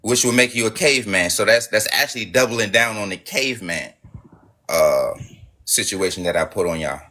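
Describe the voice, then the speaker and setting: A man's voice: lowish voice, moderate pace, bright, forceful tone. A man hosting a live stream debate, insistent and repetitive, pushing his argument. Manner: insistent, repeating himself, pushy. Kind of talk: casual debate.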